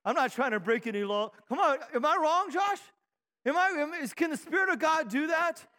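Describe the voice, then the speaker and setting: Fervent high-voiced man preaching a sermon. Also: lively intonation, moderate pace, sharp tone. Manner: fervent, repeated rhetorical questions, calls for amens. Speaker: pastor. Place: church sanctuary. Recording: long hall reverb from a church.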